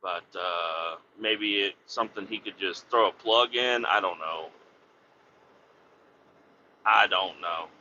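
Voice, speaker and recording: A man's voice: low voice, slow, long pauses, bright, forceful tone, a little hiss or hum. Cursing, rambling trucker man. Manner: rambling, heavy cursing, laughs at his own stories. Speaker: truck driver and podcast host. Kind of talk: casual storytelling chat. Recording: dull lo-fi audio.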